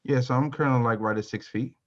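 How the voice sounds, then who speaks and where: A man's voice: fairly even intonation, fast, natural voice. A man playing a hesitant heavyset prospect. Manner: hesitant, filler-heavy, rising pitch. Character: heavy adult male weight-loss prospect. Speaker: role-play prospect, sales trainee. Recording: dull lo-fi sound.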